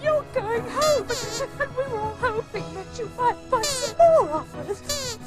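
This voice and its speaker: A woman voicing a gentle, teasing young female panda puppet with a British accent, coaxing and pleading in a children's puppet show. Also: very high voice, lively intonation, unhurried, music in the background.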